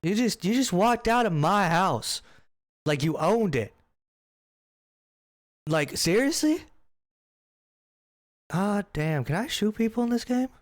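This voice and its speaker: Guy streaming a farm game, kinda high voice, cussing and joking around nonstop. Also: takes it slowly, pauses often. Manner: joking, profane, animated rambling. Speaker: gaming streamer. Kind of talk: casual gameplay commentary.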